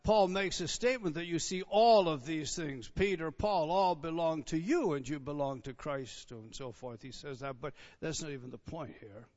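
A man's voice: on the high side, normal speed, few pauses, darkish tone, highs cut off. A man pastor preaching an expository sermon with an emphatic, repetitive cadence and conversational asides.

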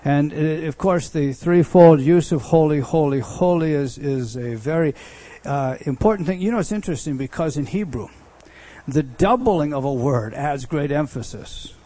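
A man's voice: a little high, expressive, moderate pace, mellow, dry recording. A man preaching in a conversational teaching style, often restarting phrases and pressing words for emphasis. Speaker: pastor teaching a Bible study. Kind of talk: expository sermon teaching.

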